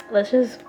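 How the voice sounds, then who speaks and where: A woman commenting on a game, excitable and gushing, often breaking into laughter. Her talking is unhurried, with soft game music playing behind her. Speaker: let's play gamer.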